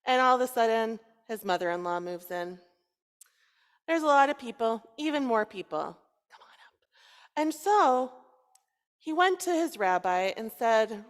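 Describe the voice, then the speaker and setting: Lively woman rabbi telling a story. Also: fairly high pitch, a little slow, pauses often. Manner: lively, playful, coaxing the children. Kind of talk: storytelling sermon to children. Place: synagogue sanctuary. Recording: long reverb in a large hall.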